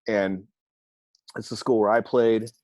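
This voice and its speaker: A man guest on a podcast, a counselor who works with athletes, telling stories in an animated way and acting out the dialogue. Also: fairly low pitch, measured pace, dry recording. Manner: animated, acts out quoted dialogue. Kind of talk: conversational storytelling.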